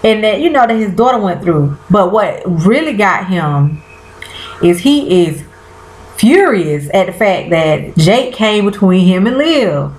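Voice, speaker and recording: A woman's voice: medium pitch, big pitch swings, unhurried, darkish tone. A woman casually recapping a TV episode, chatty and colloquial, talking straight to her viewers and often trailing off and restarting. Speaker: TV show recapper. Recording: roomy echo.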